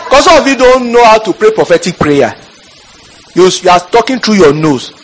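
A man preaching a fiery sermon in church, shouting out scripture and calling on the congregation. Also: sits high, very animated, moderate pace, low-quality recording.

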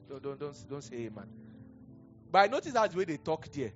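High-voiced Nigerian pastor preaching. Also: male voice, expressive, fast talker. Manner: conversational, digressive storytelling with chuckles. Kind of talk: preaching a sermon. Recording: dull lo-fi sound with faint music.

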